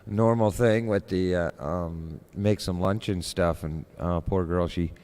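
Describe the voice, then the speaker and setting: A man with a very low, deep voice, chatting casually on a live stream. He rambles and restarts his sentences, padding them with fillers. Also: measured pace, darkish tone. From Canada. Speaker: guest streamer. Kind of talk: casual chat.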